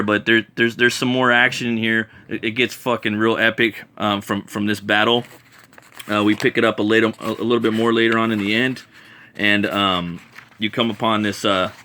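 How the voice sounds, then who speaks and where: A man reviewing comic books in a casual vlog, enthusiastic and rambling, often stalling on fillers and restarting his sentences. His voice is lowish in pitch but bright and forward. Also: flat delivery, moderate pace.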